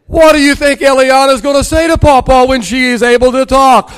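A man's voice: extremely high pitch, fairly quick, clear, resonant tone. An older man, a pastor preaching a sermon and telling family stories with acted-out dialogue. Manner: storytelling, acts out dialogue with rising excitement.

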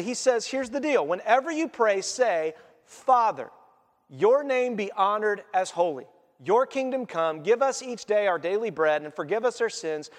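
Male pastor, very high voice, lively conversational sermon, long hall reverb. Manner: animated, conversational preaching with acted-out quotes.

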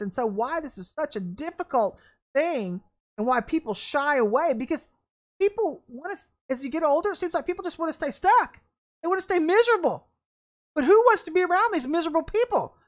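A woman with a high voice preaching an online sermon. She speaks fervently and bluntly, with a folksy, emphatic delivery and bursts of excitement. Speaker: ministry leader and preacher.

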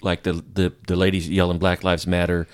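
Deep-voiced man asking quick questions. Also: completely flat delivery, clean tone, no echo, clean studio sound. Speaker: interviewer.

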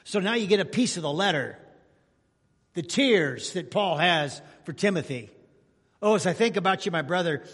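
A pastor preaching a sermon to his congregation, telling folksy stories and rising to loud exclamations. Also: high voice, lively intonation, normal speed, breathy edge. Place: church sanctuary. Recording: long hall reverb in church.

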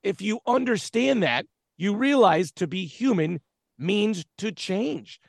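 A man co-hosts a faith talk show, talking in an earnest, reflective way. His voice is high with a gravelly fry running through it, recorded dry and close. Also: expressive, takes it slowly, no room sound. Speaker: podcast co-host. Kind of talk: casual chat about faith.

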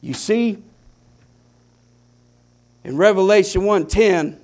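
A man preaching a sermon, with impassioned swings between hushed, quiet lines and loud climaxes, drawing his phrases out slowly. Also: sits high. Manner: slow, deliberate preaching with drawn-out phrases.

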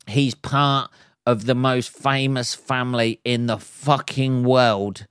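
A man's voice: medium pitch, steady tone, takes it slowly, a bit bright, clean tone, no echo, clean studio sound. A man hosting his own podcast, ranting casually with lots of swearing and chuckles, mocking with put-on voices. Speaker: podcast host. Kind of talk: casual solo podcast rant.

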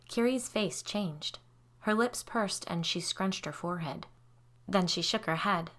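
Unhurried and expressive, a woman on her podcast narrates a first-person tale. When things get tense, she lowers her voice and softens it.

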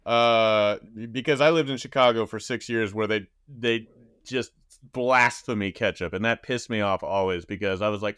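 Man, podcast co-host, low voice, dry close sound, swears while ranting. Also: normal speed, fairly bright tone, smooth, dry recording. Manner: profane, ranting. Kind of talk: casual chat.

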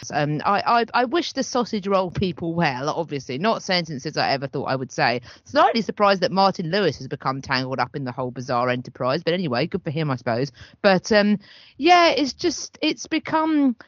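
British woman, podcast co-host, wry, self-deprecating, lively intonation, slightly muffled. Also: fairly low pitch, a little fast, no echo. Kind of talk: casual chat.

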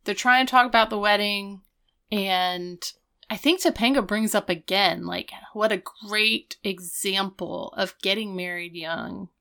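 A woman's voice: medium pitch, unhurried, vocal fry, sharp tone, clear, resonant tone. A woman co-hosting a casual recap chat, retelling scenes and quoting the characters as she goes. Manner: retells scenes with quoted voices. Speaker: podcast co-host.

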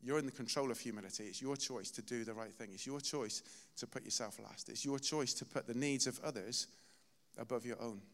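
Male preacher, chatty storytelling sermon, mid pitch, long hall reverb. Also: fairly quick, vocal fry, fairly bright tone. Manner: conversational storytelling with self-deprecating humor. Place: church hall.

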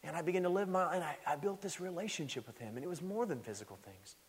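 A man preaching a sermon in a church sanctuary, telling stories in an animated way and rising loud when stirred. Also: on the high side, fast talker, husky. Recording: echoey hall.

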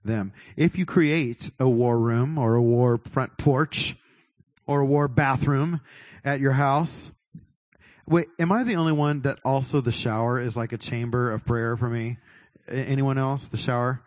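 A man giving a relaxed church talk on prayer at a middle pitch. He talks in a chatty way, laughs a lot and often stops to restart his sentences. The sound is dry and close. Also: unhurried, no echo. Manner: chatty, laughing, self-interrupting. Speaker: worship leader. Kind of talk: casual church teaching on prayer. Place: church worship service.

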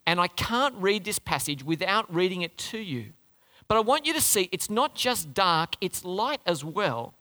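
Animated, bright-voiced male preacher in a hall. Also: high voice. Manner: animated, conversational preaching with audience questions. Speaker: pastor. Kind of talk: sermon.

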